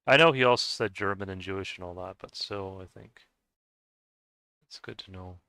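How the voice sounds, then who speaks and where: A man's voice: deep voice, moderate pace, sharp tone, no room sound. A man chatting casually with viewers while gaming, rambling with lots of stammered restarts and frequent laughs. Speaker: streamer.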